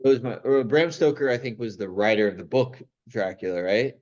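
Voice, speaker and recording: A man's voice: medium pitch, animated, fairly quick, a little mellow, highs cut off. A young man in casual chat, rambling with many restarts and plenty of enthusiasm. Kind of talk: casual chat about old movies.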